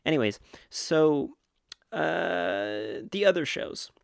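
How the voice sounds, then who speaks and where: A man's voice: on the high side, animated, takes it slowly, creaky, no room sound, clean studio sound. A young man co-hosting a casual podcast, rambling through facts with lots of restarts. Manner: rambling, self-correcting, fact-listing. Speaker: podcast co-host. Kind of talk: casual chat.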